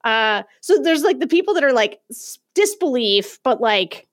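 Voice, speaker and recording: Woman podcast co-host; higher, very lively voice; chatty storyteller. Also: normal speed, no echo. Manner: animated storytelling, laughs often. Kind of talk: casual political chat.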